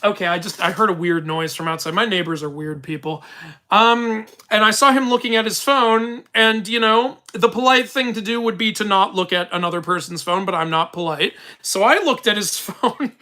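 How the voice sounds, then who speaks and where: A man's voice: sits high, normal speed, bright, forceful tone. A young man hosting a casual live-stream Q&A from his room, talking into a phone, rambling with restarts and laughing as he tells stories. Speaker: YouTube mythology channel host.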